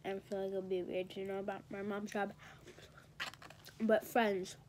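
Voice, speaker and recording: A woman's voice: mid-range voice, little pitch movement, a little slow, noisy background. Chatty teen girl vlogging from bed. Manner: rambling, gossipy, talks while eating. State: congested. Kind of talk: casual chatty vlog.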